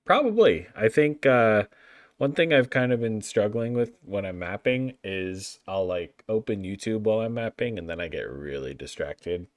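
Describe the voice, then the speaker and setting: A low-voiced man in casual livestream chat, his pitch swinging up and down as he talks. He sounds chatty and playful, and the sound is dry and close, with no room around him. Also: animated, normal speed, no room sound. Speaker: livestreamer building a game map.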